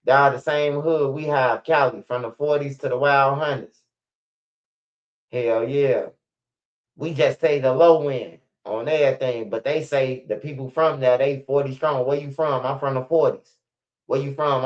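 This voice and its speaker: Rambling Chicago man, muffled sound. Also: medium pitch. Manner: rambling, profane street talk. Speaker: storyteller. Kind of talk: casual storytelling monologue. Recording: slightly muffled lo-fi recording.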